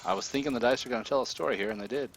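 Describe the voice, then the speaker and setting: A man running a tabletop game as game master, narrating scenes in a relaxed, descriptive way. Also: mid-range voice, very fast, slight background noise.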